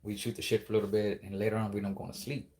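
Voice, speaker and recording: A man's voice: fairly low pitch, little pitch movement, racing, darkish tone. A man telling a spooky story in a casual, rambling, profane way, acting out the dialogue as he goes.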